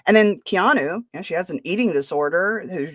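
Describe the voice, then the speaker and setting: A woman's voice: on the low side, lively intonation, fairly quick, fairly bright tone, no room sound, studio quality. A woman hosting a podcast, talking casually in a sarcastic, defensive way. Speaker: podcast host. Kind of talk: casual chat.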